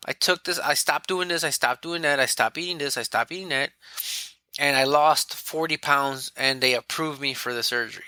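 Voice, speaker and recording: A man's voice: mid-range voice, normal speed, dry recording. A man speaking as a podcast guest, candidly telling his own story in casual talk and acting out what others said. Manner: candid, animated, quotes himself and others.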